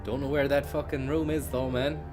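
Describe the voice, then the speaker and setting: A tired young man streams live gameplay commentary over music, yawning, cursing freely and thanking viewers by name. His voice is mid-range and flat, and he talks a little fast.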